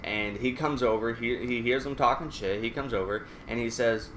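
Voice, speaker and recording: A man's voice: medium pitch, moderate pace, a bit bright, a little hiss or hum. A man casually telling a rambling, profane story while playing a game. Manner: profane, rambling anecdote with restarts. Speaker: let's play gamer. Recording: echoey room.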